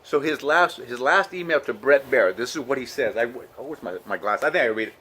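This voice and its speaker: A man's voice: medium pitch, brisk, pushed and bright, breathy edge. A man giving an inspirational vlog monologue from his computer, earnest and emotional, often trailing off and restarting his sentences. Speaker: vlogger.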